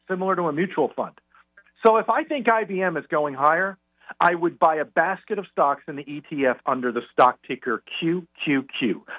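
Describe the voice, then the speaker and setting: A man calling in to a radio show as a guest financial commentator, explaining in a measured way with frequent restarts. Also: on the high side. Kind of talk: phone-in radio chat. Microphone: telephone call. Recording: tinny phone line.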